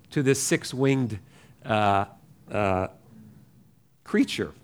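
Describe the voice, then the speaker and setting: A man in his sixties telling a personal faith story in a rambling, chatty way as a preacher. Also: mid-range voice.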